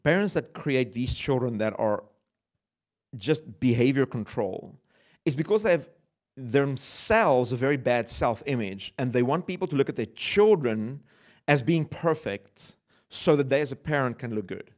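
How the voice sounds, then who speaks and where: A man's voice: medium pitch, lively intonation, unhurried. A male pastor preaching a sermon, talking in a conversational way, asking the audience questions and laughing at himself. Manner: conversational, with self-mocking laughs.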